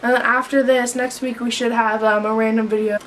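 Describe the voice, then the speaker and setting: A high-pitched woman chats casually and giggles as she co-hosts a fan review. She sits back from the mic, and a steady hiss of noise runs under her voice. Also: a little fast. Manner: giggly, animated storytelling. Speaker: co-host of a fan review video. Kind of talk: casual chat. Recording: distant mic with clear background noise.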